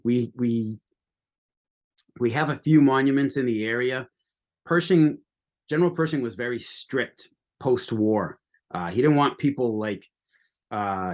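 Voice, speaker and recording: A man from the United States talking casually as a podcast guest, rambling with many restarts. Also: fairly low pitch. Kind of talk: casual conversation.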